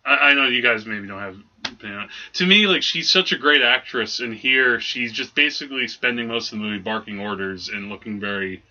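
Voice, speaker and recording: Man, podcast co-host, casual movie review, rambling, very bright, lo-fi sound. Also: mid-range voice, brisk. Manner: rambling, many restarts and fillers. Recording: dull lo-fi recording.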